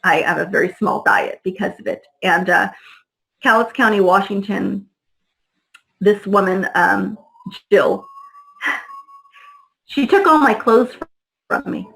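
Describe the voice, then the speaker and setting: A woman's voice: mid-range voice, takes it slowly, gravelly, pauses often, a bit bright, poor audio. A middle-aged woman telling her story as an interview guest, blunt and heated, swearing freely and acting out the voices of people she quotes. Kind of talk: personal storytelling in conversation.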